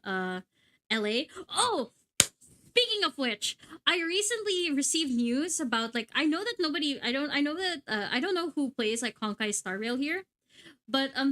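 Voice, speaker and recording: A young woman livestreaming a game, chatting excitedly and swearing casually at her gear. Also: high voice. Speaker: VTuber streamer.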